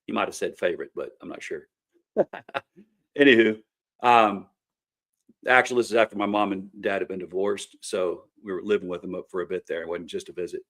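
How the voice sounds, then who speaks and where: A middle-aged man with a Kentucky accent speaks in a lowish voice. He talks plainly and earnestly, like a folksy storyteller hosting his own show. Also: fairly quick, pauses often, a bit bright. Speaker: host and candidate for local office. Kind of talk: casual campaign talk to camera.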